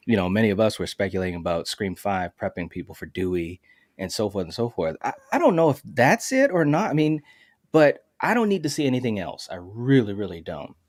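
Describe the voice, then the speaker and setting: A man's voice: fairly low pitch, darkish tone, dry recording, clean studio sound. A man hosting a casual horror podcast, laid-back and chatty, with many fillers and friendly asides. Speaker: podcast host.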